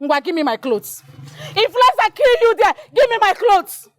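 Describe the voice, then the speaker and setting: An actress with a Nigerian accent playing a furious woman who loudly shames a man who owes her money, shouting in Pidgin. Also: extremely high pitch, sing-song, moderate pace. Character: loud furious woman shaming a debtor in public. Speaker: businesswoman owed money. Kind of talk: Nollywood film acting.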